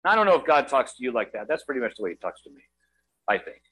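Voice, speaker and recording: A middle-aged man preaching a sermon in a conversational, self-deprecating way with quick asides. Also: mid-range voice, sing-song, fairly bright tone, slightly rough, soft background music, rough recording. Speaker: guest preacher.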